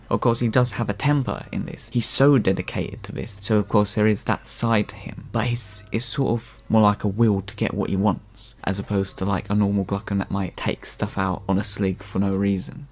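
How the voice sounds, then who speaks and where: A man's voice: mid-range voice, darkish tone. A man narrating a scripted commentary voice-over, thoughtful and opinionated, often hedging his views. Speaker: video essay narrator.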